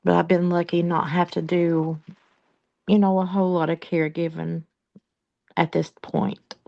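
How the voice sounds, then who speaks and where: A woman's voice: on the low side, flat delivery, normal speed, creaky. A woman chatting in a casual group discussion about caring for a relative, rambling with lots of fillers. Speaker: family caregiver in discussion. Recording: dull lo-fi sound.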